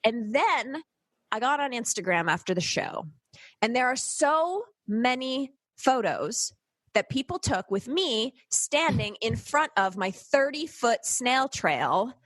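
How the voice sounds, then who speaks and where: A woman co-hosting a podcast, telling a story in a casual, animated way, swearing freely and acting out what people said. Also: on the high side, slow pace, no room sound. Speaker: podcast co-host.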